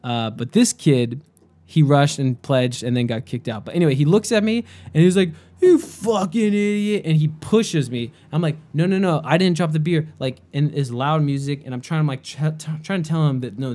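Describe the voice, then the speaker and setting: A man's voice: on the high side, a little fast, dark tone. A young man and podcast host telling a story in casual chat, rambling and profane, with lots of "like".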